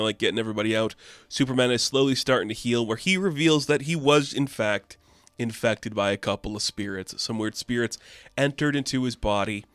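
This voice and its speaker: A man's voice: medium pitch, fairly bright tone, smooth, no room sound. Chatty, offhand man with a dry sound. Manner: offhand, chatty, many fillers. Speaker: comic book reviewer. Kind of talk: casual comic recap.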